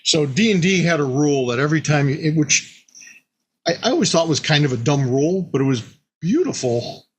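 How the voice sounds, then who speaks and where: A man with a husky voice on the high side recounts an old tabletop game story casually and animatedly. He keeps slipping into quick bits of the players' and the monster's voices.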